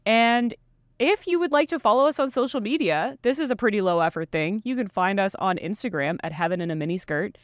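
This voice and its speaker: A woman's voice: medium pitch, brisk, dry recording. Woman cohosting a podcast, loose and chatty, swears a lot, dry close mic. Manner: chatty, laughs often, swears casually. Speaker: podcast co-host. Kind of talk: casual podcast chat.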